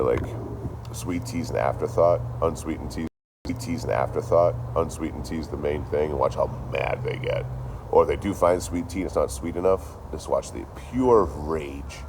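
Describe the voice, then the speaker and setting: A man's voice: a bass voice, gravelly, background noise. A man streaming to a live chat, ranting casually and profanely, repeating his lines as he goes.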